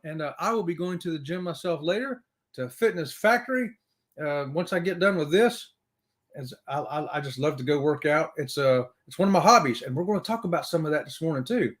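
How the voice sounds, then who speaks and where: Brief: upbeat male stream host reading chat aloud, high voice, whooping greetings. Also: expressive, a little fast, a bit bright.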